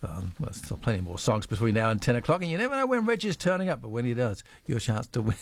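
A man's voice: medium pitch, big pitch swings, fast, hardly any pauses, no echo. A man with an Australian accent hosting casual breakfast radio, teasing his co-host and laughing often.

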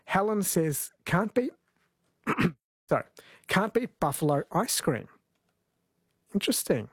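A man hosts a talkback radio quiz in a chatty, self-correcting way. His voice sits a little high and the studio sound is dry and close. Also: dry recording. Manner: chatty, self-correcting, friendly banter with callers. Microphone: studio microphone.

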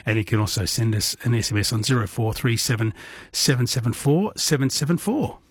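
A middle-aged man with an Australian accent hosting a late-night radio quiz from a studio, chatty and relaxed, with frequent fillers. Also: mid-range voice, a little fast, slightly rough. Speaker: radio host. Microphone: studio microphone.

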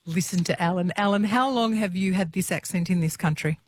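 A woman hosting a late-night talkback radio show, friendly and quick with questions to callers and her guest. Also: fairly low pitch, slight background noise. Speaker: radio host.

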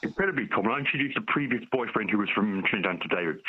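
A man's voice: lowish voice, lively intonation, very fast, slightly rough. A British man with a northern English accent, calling in to a radio show and chatting in a rambling way with plenty of asides. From Britain. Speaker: caller. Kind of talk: casual call-in chat. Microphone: phone. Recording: tinny phone line.

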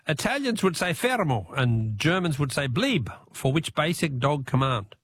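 A man with an Australian accent hosting a talkback radio quiz, chatty and quick with asides, laughing easily with callers. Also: fairly high pitch, sing-song, a bit bright, no echo, studio quality.

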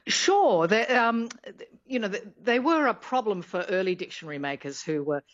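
A woman's voice: medium pitch, expressive, normal speed, no room sound, muffled recording. A middle-aged woman, a linguistics professor explaining words in a radio interview, thinking aloud as she goes.

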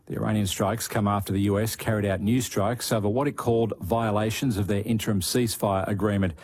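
A man reading radio news bulletins in a measured scripted way. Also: on the low side, steady tone, a little mellow, husky. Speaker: news presenter.

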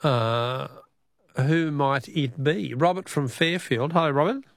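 Jovial Australian radio quiz host. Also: male voice, on the high side, takes it slowly, no echo, studio quality. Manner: jovial, chuckling, repeats the question.

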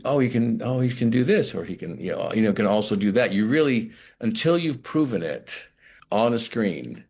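A man with a low, husky voice muses through a reflective interview conversation. He's an actor appearing as a guest, speaking thoughtfully and haltingly, often restarting and saying "you know."

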